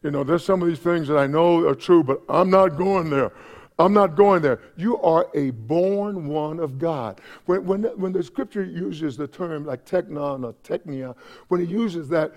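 A man preaching a sermon in a church, swinging from emphatic shouts to hushed asides. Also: on the high side. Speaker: pastor.

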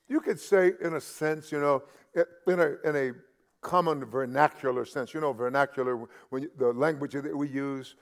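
High, gravelly-voiced man preaching. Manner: repeats and restarts words, rises to loud emphatic peaks. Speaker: pastor. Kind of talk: sermon.

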